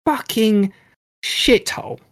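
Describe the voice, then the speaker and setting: A man's voice: high voice, slow. A man, chatting casually about a film, swearing freely and acting out characters' lines. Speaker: podcast co-host reviewing a film. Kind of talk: casual chat.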